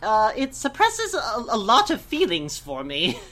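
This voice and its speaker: A woman co-hosting a casual group chat, reading forum posts aloud in an animated way and laughing often. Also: on the high side, unhurried.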